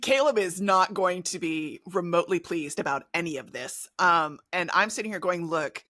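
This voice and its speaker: A woman's voice: lowish voice, lively intonation, moderate pace, bright, forceful tone, no room sound, clean studio sound. A woman co-hosting a podcast in casual chat, talking in a dramatic, playfully over-the-top way. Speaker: podcast co-host.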